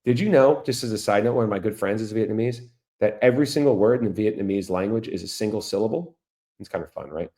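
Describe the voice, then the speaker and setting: A man's voice: lowish voice, fast, warm tone. A middle-aged man from Florida hosting a podcast, talking to listeners in a chatty monologue and throwing them rhetorical questions. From Orlando, Florida. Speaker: podcast host. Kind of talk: casual monologue.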